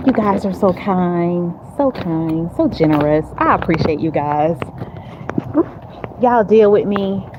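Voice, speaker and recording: A woman with a lowish, animated voice chats slowly with viewers on a casual livestream, laughing often and using fillers as she reads chat. She's outdoors walking to her car, holding her phone, and the audio is dull with outdoor noise.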